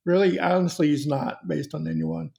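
A man's voice: fairly high pitch, steady tone, moderate pace, gravelly, darkish tone. A middle-aged man, a cartoonist and game designer, telling anecdotes with laughs in a casual podcast chat.

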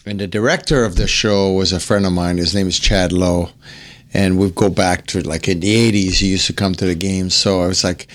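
A man who grew up speaking French, telling a long animated anecdote as an interview guest and acting out the quotes. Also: on the low side. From French-speaking upbringing. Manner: animated, acts out quotes, swears. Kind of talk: anecdote storytelling.

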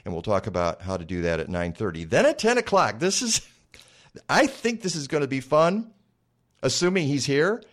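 A man's voice: medium pitch, big pitch swings, moderate pace. A man hosting a radio show from the studio, chatty and rambling, with lots of fillers. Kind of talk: casual radio talk.

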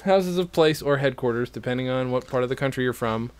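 A man's voice: medium pitch, fast talker, smooth. A man hosting a casual podcast from a home studio, rambling and self-deprecating with lots of jokes and fillers. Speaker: podcast host.

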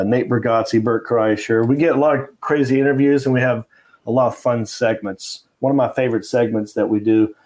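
A man's voice: mid-range voice, a little mellow. Rambling middle-aged male comedian guest. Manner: rambling anecdotal with fillers and restarts. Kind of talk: casual interview storytelling.

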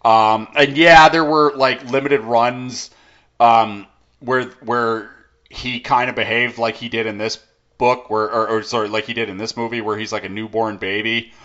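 A man co-hosting a casual movie review podcast, animated and laughing often, acting out quotes in bursts. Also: mid-range voice, normal speed. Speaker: podcast co-host. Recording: dull lo-fi podcast audio.

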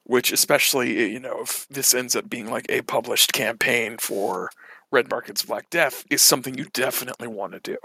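A man's voice: mid-range voice, normal speed, gravelly, bright, forceful tone, slight background noise. A man chatting casually about a game. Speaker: player. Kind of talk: casual discussion.

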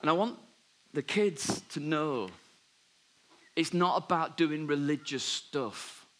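Man, pastor's sermon, bright forceful voice, animated storytelling. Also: on the high side, slow. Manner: animated storytelling, drops to soft voice for God's words.

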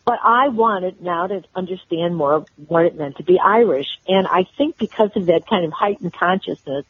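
An older woman from Chicago, a guest telling personal stories in an interview, with halting restarts. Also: fairly low pitch, breathy edge, dry recording. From Chicago, USA. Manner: warm storyteller, halting restarts. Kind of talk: storytelling interview. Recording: tinny phone-line audio.

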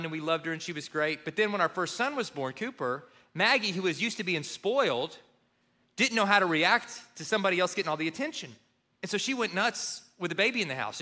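A man's voice: sits high, sharp tone. A middle-aged man preaching a sermon, telling a self-deprecating story and acting out the people in it. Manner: storytelling, self-deprecating, acts out phone calls. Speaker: pastor.

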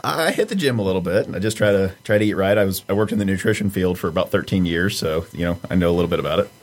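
A man's voice: low-pitched, rapid-fire, a little hiss or hum. A man who manages wrestlers, short on sleep and playful in casual banter.

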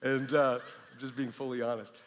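A middle-aged man, a pastor, preaching with candid, animated storytelling and frequent restarts. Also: mid-range voice, brisk. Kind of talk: sermon with personal testimony. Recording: long reverb of a large hall.

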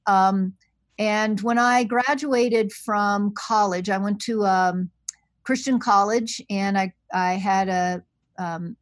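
Soft-spoken woman, thoughtful podcast guest. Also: mid-range voice, slow pace, no echo. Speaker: guest scholar. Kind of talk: podcast interview over the phone. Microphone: remote call line.

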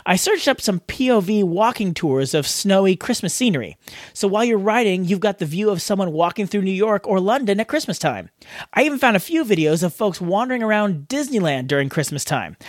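A man's voice: high-pitched, animated, brisk, no echo, clean studio sound. A man from California hosting a podcast, chatting playfully with his co-host. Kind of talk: casual podcast banter.

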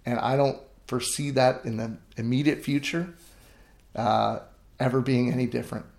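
Middle-aged man, grain farmer, gravelly voice, earnest storytelling, roomy echo. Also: medium pitch, fairly even intonation, normal speed, darkish tone. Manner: earnest, emphatic, many restarts. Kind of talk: storytelling interview talk. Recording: echoey room.

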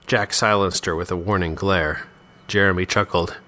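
A man narrating a serialized story with steady, expressive storytelling. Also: low voice, normal speed.

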